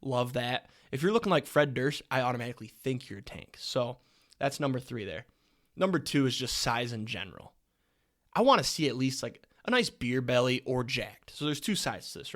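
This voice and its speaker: A man's voice: medium pitch, a bit bright. Young man, podcast host, casual solo chat, joking, crude humor, rambling.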